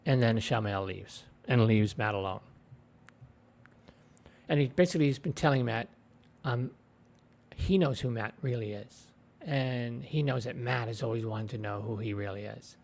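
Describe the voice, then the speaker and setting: Man, casual episode review, rambling retelling, gravelly edge, husky tone. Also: mid-range voice, normal speed, a little mellow. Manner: rambling, retells scenes with many fillers. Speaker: TV show reviewer. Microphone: own desk microphone.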